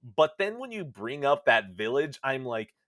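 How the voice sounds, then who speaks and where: Animated young man, lively casual chat. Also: medium pitch, unhurried, no room sound, clean studio sound. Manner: animated, swearing, acts out voices in his stories. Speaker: podcast co-host.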